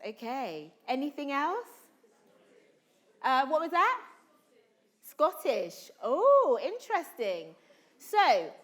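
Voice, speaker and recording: A woman actor leading a drama workshop, coaching students and calling out questions to a room full of people. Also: high voice. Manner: animated, calls out to the room, asks questions. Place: large room with a live audience.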